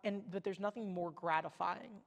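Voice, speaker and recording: A woman's voice: on the low side, moderate pace, creaky, in a large hall. A woman in her twenties, a guest on a casual podcast, talking in a chatty way with lots of "like" fillers. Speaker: podcast guest, former college softball pitcher. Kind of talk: casual chat.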